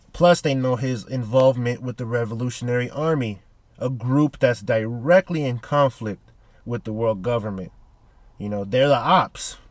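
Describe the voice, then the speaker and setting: A man casually recapping a manga chapter with heavy profanity and slang, excitable and animated. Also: mid-range voice, no echo.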